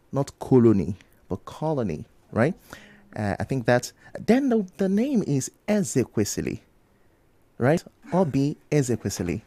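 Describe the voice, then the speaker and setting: A man in a radio studio, briskly correcting student debaters' pronunciation word by word and explaining each fix. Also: medium pitch, warm tone, no echo. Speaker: pronunciation coach on a radio show.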